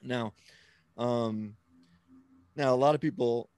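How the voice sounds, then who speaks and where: Male interview guest, mid-pitched and dry close sound, patient explainer who keeps asking "right?". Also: slow, darkish tone, clean tone, no echo. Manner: explanatory, checks in with frequent "right?", steps through ideas with restarts. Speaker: Christian author and apologist, interview guest. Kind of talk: conversational interview, explaining theology.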